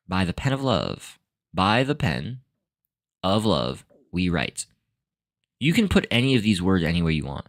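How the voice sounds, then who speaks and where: A young man with a deep, sing-song voice speaks a little slowly and pauses often. Hosting his podcast solo, he rambles casually about language and philosophy, full of fillers, restarts, and laughter.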